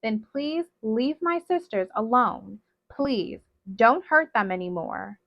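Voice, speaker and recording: A woman's voice: a little high, expressive, slow. A woman voicing a desperate defiant young woman. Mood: pleading. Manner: pleading and defiant, raised voice. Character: desperate young woman defying her mother. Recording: dull lo-fi dry sound.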